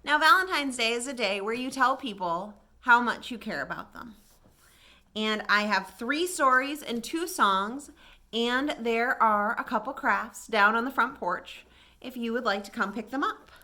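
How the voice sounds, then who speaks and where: A woman children's librarian reads a picture book aloud to kids at storytime. Her high voice is unhurried, gentle, and expressive.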